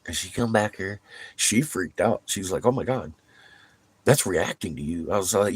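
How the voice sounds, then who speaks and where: Male vlogger, lowish pitch, dry recording; swears freely, rambles, laughs mid-story. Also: moderate pace, breathy edge, dry recording. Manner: profane, animated storytelling with bursts of laughter. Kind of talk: rambling casual monologue.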